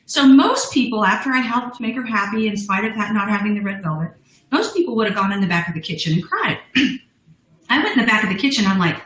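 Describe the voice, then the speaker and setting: A woman's voice: fairly high pitch, expressive, fairly quick, a bit bright, echoey room, rough recording. A middle-aged woman, a business founder, telling her story as a guest in a live interview, bubbly and laughing often. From United States.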